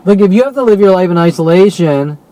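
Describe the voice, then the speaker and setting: A man's voice: sits high, animated, fast, warm tone, poor audio. Agitated man ranting in a monologue. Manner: agitated, profane, rhetorical questions. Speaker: vlogger. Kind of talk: rambling monologue.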